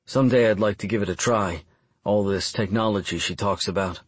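A young man reading a first-person audiobook in a calm, measured, reflective way. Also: lowish voice, slightly rough, no room sound. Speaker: audiobook narrator.

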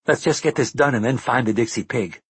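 Man putting on a earnest young boy, a bit higher than his own voice, husky, searching. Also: fairly quick, dry recording, close to an everyday voice.

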